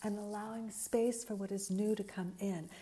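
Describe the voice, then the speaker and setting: A woman's voice: mid-range voice, steady tone, normal speed, warm tone. A woman giving an earnest, reflective spiritual talk, searching for words with frequent fillers and restarts. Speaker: spiritual teacher.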